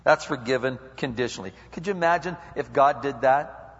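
A male preacher giving a lively sermon that acts out quotes and dialogue, recorded in an echoey hall with dull lo-fi sound. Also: mid-range voice, moderate pace.

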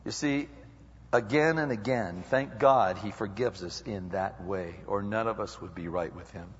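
A male preacher giving a lively sermon that acts out quotes and dialogue, recorded in an echoey hall with dull lo-fi sound. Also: fairly low pitch, unhurried, a little hiss or hum.

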